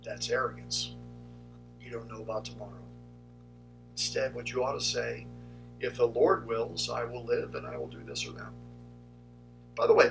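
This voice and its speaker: Pastor, man, gravelly tone, talks straight to his church, heard from across the room. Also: on the high side, distant mic, low-quality recording. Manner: conversational, direct preaching to the congregation. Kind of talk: sermon.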